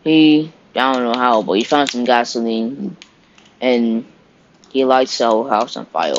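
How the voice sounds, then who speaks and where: A man's voice: mid-range voice, measured pace, a little hiss or hum. A man narrating an improvised fan story in a loose, rambling way. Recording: dull lo-fi recording.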